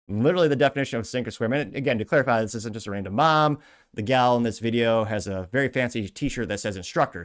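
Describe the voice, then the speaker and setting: A man hosting a commentary show, reading out social media comments with dry, sarcastic jokes and self-deprecating asides. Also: lowish voice. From Cuban heritage. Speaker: show host.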